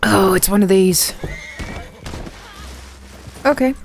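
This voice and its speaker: A woman's voice: mid-range voice, takes it slowly, gravelly, faint music behind. A woman streamer giving live commentary on her gameplay, laughing often and calling out to other players and her chat.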